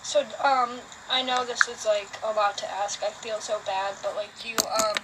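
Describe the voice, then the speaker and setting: A woman's voice: medium pitch, little pitch movement, normal speed. Hesitant woman on a noisy phone line. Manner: soft, hesitant, sympathetic, many fillers. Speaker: friend on a phone call. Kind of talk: casual phone chat. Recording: phone call with loud background noise.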